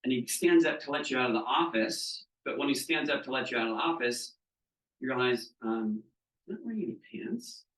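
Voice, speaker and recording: Bright-voiced man telling stories in an echoey room. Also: mid-range voice, a little fast. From Southeast Florida, US. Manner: storyteller who acts out quotes and keeps asking "right?". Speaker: trainer. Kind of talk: teaching with stories. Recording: echoey room, mic at a distance.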